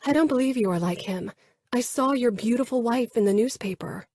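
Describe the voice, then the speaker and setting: Firm older mother as a woman narrator puts her on, lifted voice, breathy, dry and close. Speaks with quiet authority. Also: fairly high pitch, fairly quick, no room sound, voice pushed up, close to an everyday voice.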